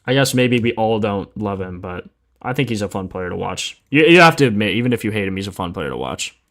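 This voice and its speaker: A man's voice: on the low side, expressive, a little fast, fairly bright tone. A man hosting a sports betting livestream in casual chat, laid-back and slangy, sleepy after just waking up, reading stats aloud and answering chat.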